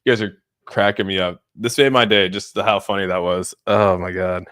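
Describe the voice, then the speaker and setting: This young man hosting a crypto livestream talks briskly in a low voice with fairly even intonation and a fairly bright tone. Amused and giddy, he laughs a lot as he reacts to chat, peppering his speech with "dude."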